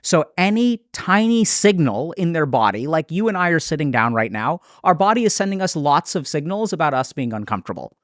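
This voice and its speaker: A man explaining in a podcast interview, fairly high voice, dry close sound. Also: sing-song, no echo. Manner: explanatory, thoughtful, quick restarts. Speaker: psychiatrist.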